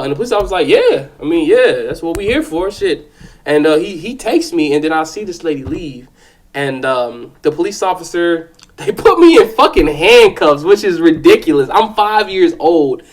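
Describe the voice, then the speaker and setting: Man, raised on the South Side, slightly high pitch, casual storytelling, animated and swearing. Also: normal speed. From South Side of Chicago. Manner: profane, animated, keeps checking in with "okay?".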